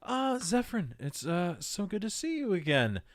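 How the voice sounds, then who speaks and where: A man's voice: sits high, big pitch swings, moderate pace, no echo, voice pushed up. A man voicing a polite, friendly female cleric in a tabletop game, speaking in a raised voice with small hesitations. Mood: welcoming.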